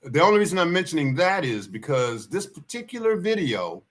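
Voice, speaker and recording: A man's voice: high-pitched, very animated, a little fast, few pauses, a bit bright. A man hosting a livestream, telling stories in a folksy, rambling way and repeating his key points. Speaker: livestream host. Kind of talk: casual spoken storytelling.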